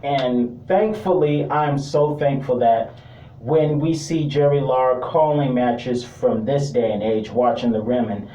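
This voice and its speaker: A man's voice: medium pitch, unhurried, mellow. A man giving a casual wrestling review, rambling with joking asides. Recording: roomy sound, distant mic.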